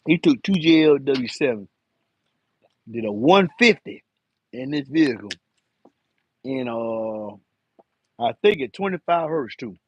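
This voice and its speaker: A man's voice: mid-range voice, lively intonation, unhurried, long pauses, a little mellow, dull audio. A man around fifty, chatting loosely on a live stream and rambling in slang. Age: 50s. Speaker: live-stream host, enclosure builder. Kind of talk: casual live-stream chat.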